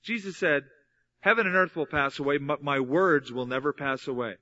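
A man's voice: a little high, normal speed, bright, forceful tone, highs cut off. A man preaching a sermon, teaching earnestly from the Bible and repeating key phrases for emphasis. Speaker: pastor.

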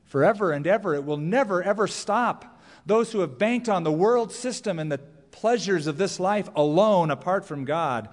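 Emphatic preacher in a reverberant hall. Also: male voice, normal speed. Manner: emphatic preaching, rising to high cries on key phrases. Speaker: pastor. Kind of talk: sermon. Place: church sanctuary. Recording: long reverb of a large hall.

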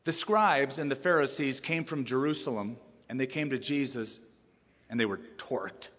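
A man preaching a sermon as pastor, emphatic and animated, asking rhetorical questions and stressing his points. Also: mid-range voice, normal speed, in a large hall.

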